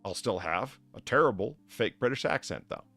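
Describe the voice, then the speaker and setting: A man with a gravelly, rather low voice hosts a casual live stream and chats with his guests. His talk rambles and is full of restarts, and his pitch swings widely. Faint music plays behind him. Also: normal speed. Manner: rambling, animated, many restarts. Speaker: streamer host playing bartender.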